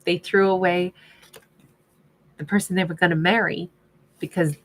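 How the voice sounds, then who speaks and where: A woman's voice: on the low side, fairly even intonation, normal speed. A woman giving a casual tarot reading at home, chatty and rambling, with asides. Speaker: tarot reader. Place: home office at her desk.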